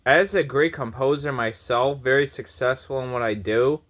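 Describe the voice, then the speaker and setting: A man's voice: medium pitch, normal speed, fairly bright tone. A man in his thirties ranting to camera in a preachy, confrontational vlog monologue, swearing often. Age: 30s. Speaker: vlogger.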